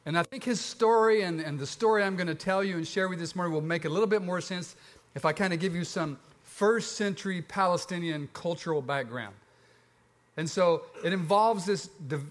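At an ordinary pace and a slightly high pitch, a Southern pastor preaches a sermon, recounting the story conversationally and easily, his voice lively with many ups and downs.

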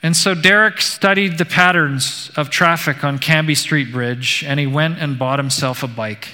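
A man preaching a sermon, telling a story in a slow, earnest and emphatic way. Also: fairly high pitch, pushed and bright. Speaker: pastor. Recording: long hall reverb.

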